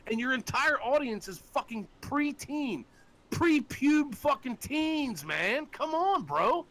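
A man's voice: extremely high pitch, big pitch swings, slow pace, a bit bright. A man co-hosting a live call-in show, ranting angrily and swearing constantly, often mocking people in put-on voices. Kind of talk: profane ranting chat.

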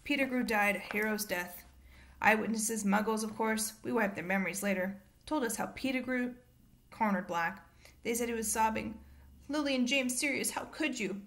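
A woman's voice: a little high, moderate pace, a bit bright. A woman reading aloud and voicing a middle-aged male government minister who sounds pompous and shaken. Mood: solemn.

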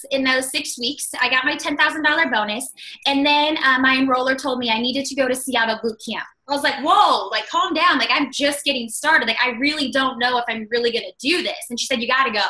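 A woman in her thirties tells her story in a chatty, upbeat way. Her voice sits high and bright, and she scatters "like" and "you guys" through her talk. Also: fast talker, rough recording. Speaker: guest speaker. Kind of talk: personal success story on a call.

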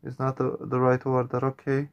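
A man's voice: mid-range voice, monotone, moderate pace, highs cut off. A man hosting a gaming channel, reacting to a horror game with jumpy, swearing commentary addressed to his viewers.

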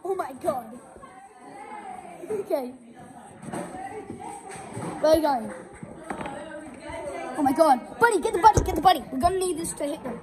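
Young girl vlogger, very high squeaky voice, giggly and shrieky, crowded noisy house. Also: lively intonation, normal speed, long pauses, a crowd in the background. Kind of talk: excited playful chatter. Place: busy house indoors.

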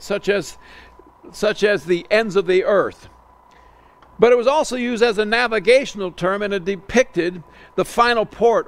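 A male pastor preaching an expository sermon, slowing to stress key words and often restarting phrases. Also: high-pitched, gravelly.

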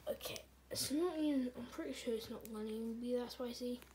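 A woman's voice: fairly high pitch, a little fast, warm tone, slight background noise, natural voice. A woman voicing a male plush pig contestant who gives up easily and whispers strained reactions.

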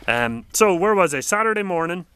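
A man's voice: sits high, sing-song, a little fast, gravelly, pushed and bright, clean tone, no echo. A man hosting a comedic video surf report outdoors in front of a lodge, rambling and flustered, full of fillers and restarts. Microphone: camera on a stand.

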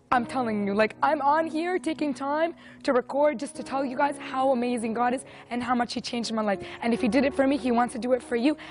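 A woman in her twenties giving an earnest, emotional personal faith testimony. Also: high voice. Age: 20s. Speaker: testimony speaker.

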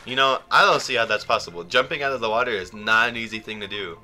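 A young man rambling and joking through casual gameplay commentary, with sudden loud outbursts. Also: fairly low pitch, fast. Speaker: gaming YouTuber.

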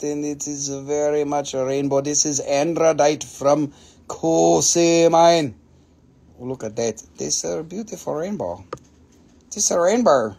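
An Appalachian man runs a live mineral sale, excitable and full of jokes, swearing freely as he goes. His voice sits fairly high with a gravelly edge. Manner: excitable, jokey, swears casually.

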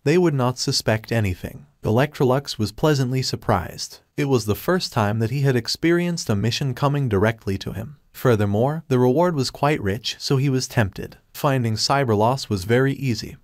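A man reading a scripted story recap in an even, steady way. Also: medium pitch, moderate pace, few pauses, dry recording, studio quality. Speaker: recap narrator.

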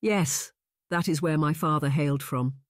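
A man's voice: fairly high pitch, moderate pace, dry recording, clean studio sound, close to an everyday voice. A man narrating an audiobook voices a proud young noblewoman who answers politely and with restraint.

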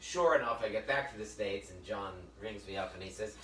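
A man's voice: lowish voice, brisk, few pauses, pushed and bright, recorded from a distance. A middle-aged man hosting a live cooking demo from his home kitchen, telling stories in a teasing, self-deprecating way. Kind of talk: casual joking chat. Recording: echoey room, voice off-mic, faint background noise.

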